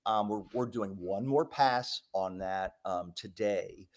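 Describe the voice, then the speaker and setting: A man presenting a live software demo, talking enthusiastically, with lots of ums and restarts. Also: lowish voice, slow pace. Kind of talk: live product demo talk.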